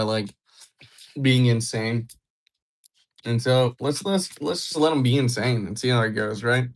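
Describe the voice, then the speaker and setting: Laid-back man chatting on a livestream. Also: medium pitch. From Georgia, USA. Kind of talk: casual live-stream chat reading viewer comments.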